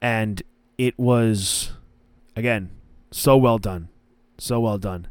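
A man's voice: lowish voice, takes it slowly, clear, resonant tone, no echo, clean studio sound. Rambling man hosting a wrestling podcast. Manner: rambling, stumbles and restarts, mimics wrestlers' lines. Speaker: podcast host. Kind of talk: casual wrestling podcast commentary.

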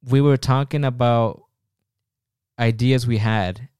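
A man's voice: mid-range voice, fairly even intonation, slow, darkish tone, smooth, dry recording. Rambling, self-mocking podcast host man. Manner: rambling, self-mocking humor with frequent restarts. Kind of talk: casual podcast chat.

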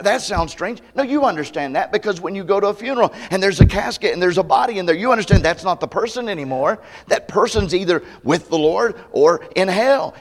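Male pastor, high voice, emphatic sermon delivery with questions to the congregation. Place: church campmeeting service.

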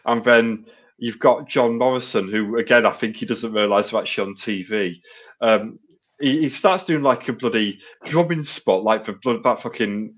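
A man's voice: medium pitch, normal speed, fairly bright tone. A man co-hosting a wrestling podcast in casual chat, blunt and sweary, rambling with lots of fillers. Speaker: podcast co-host. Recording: dull lo-fi podcast audio.

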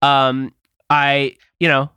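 A podcast co-host speaks very slowly in a smooth, medium-pitched voice, captured in a dry recording. He's telling a story in relaxed conversation, animatedly performing the voices of the people he quotes.

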